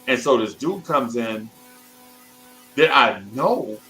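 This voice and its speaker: A show host in his fifties tells a wandering childhood story in casual conversation, taking it slowly in a mid-range voice. He jumps animatedly into other people's voices, restarting and going off on asides. There's slight background noise and the recording is rough.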